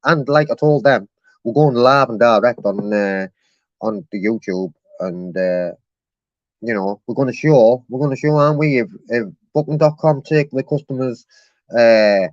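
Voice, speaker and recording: A man's voice: mid-range voice, a little mellow, dry recording. A man, complaining on a live-streamed phone call to customer service, chatty and mock-polite.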